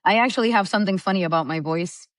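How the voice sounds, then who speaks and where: A woman's voice: medium pitch, fast, no room sound, clean studio sound. A woman in her forties, a podcast guest who owns a shop, telling stories in casual chat and laughing often. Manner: laughing, animated storyteller. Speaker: podcast guest, small business owner.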